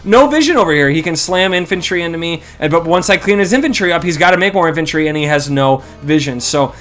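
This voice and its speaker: A man's voice: a little high, animated, fast talker, fairly bright tone, faint music behind. A man casually commentating his own strategy game, thinking aloud and criticizing his own moves. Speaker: gameplay commentator.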